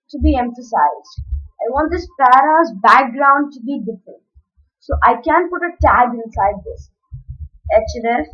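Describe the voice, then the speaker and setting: A woman's voice: sits high, a bit bright, dull audio. A woman explaining code step by step while she types, stopping to correct herself. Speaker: coding tutor. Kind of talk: screen-recorded coding tutorial.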